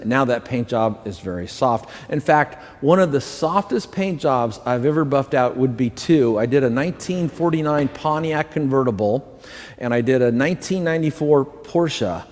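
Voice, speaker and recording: A man in a garage talks through car paint like a friendly instructor, leaning on homespun examples. His voice rings with a long hall-like reverb around it. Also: mid-range voice. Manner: folksy, explains with simple examples. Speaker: detailing instructor. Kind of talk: casual teaching chat.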